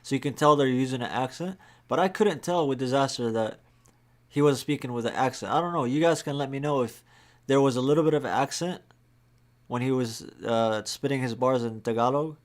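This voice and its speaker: A man hosting a live reaction stream, giving relaxed, chatty commentary. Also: mid-range voice, a little fast. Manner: relaxed, chatty, many "like" fillers. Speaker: reaction channel host. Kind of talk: casual commentary.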